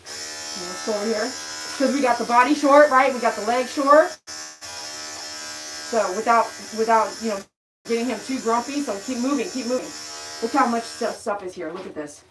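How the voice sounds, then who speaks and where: A woman's voice: fairly high pitch, big pitch swings, moderate pace, pauses often, noisy background. Chatty woman over buzzing clippers. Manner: chatty, blunt, talks to the dog and viewers. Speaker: dog groomer. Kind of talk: casual talk while grooming. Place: grooming room. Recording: clipper buzz behind the voice.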